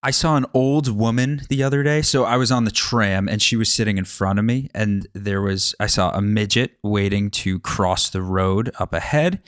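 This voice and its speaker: A man's voice: on the low side, normal speed, few pauses, no room sound, clean studio sound. A young man telling rambling personal stories in a casual monologue, often turning to ask the listener rhetorical questions. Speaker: podcast host.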